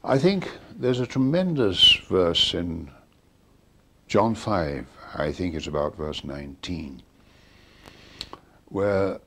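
Older male storyteller, low and husky, acts out quoted dialogue. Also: fairly bright tone. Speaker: interviewee recounting a preacher's ministry. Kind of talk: storytelling interview.

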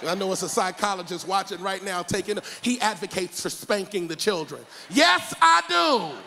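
High, gravelly preacher man, shouting. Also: fairly quick, a little hiss or hum. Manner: animated, comic, often shouting. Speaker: pastor. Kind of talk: sermon. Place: church.

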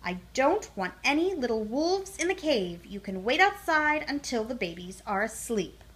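A woman voicing a tired, patient mother bear who sighs and gently scolds, in a storybook reading. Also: a little high, big pitch swings, moderate pace. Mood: firm. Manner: sighing, groaning, gently scolding.

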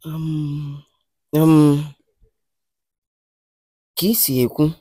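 A man playing a diviner in a comedy skit, giving halting, drawn-out pronouncements. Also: fairly high pitch, completely flat delivery, dark tone, husky, dry recording, clean studio sound, exaggerated voice. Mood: solemn. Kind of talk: skit acting in Igbo.

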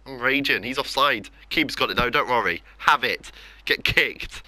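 This young man from England has a medium-pitched, sharp voice at a moderate pace, recorded with no room sound. He's a YouTuber doing live commentary over his own football game, frustrated, self-mocking, and ranting about losing.

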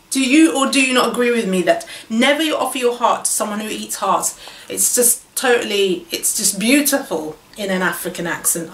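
A woman's voice: fairly high pitch, fairly bright tone. A woman vlogger and writer talking casually to camera, enthusiastic and restarting her sentences often. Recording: roomy echo, distant mic.

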